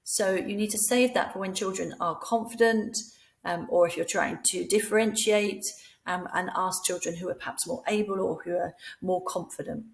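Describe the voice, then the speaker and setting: Woman explaining classroom French with creaky voice. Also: medium pitch, fairly even intonation, moderate pace, rough recording. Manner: explains patiently, models French phrases with rising questions. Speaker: French teacher trainer. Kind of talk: recorded training lesson.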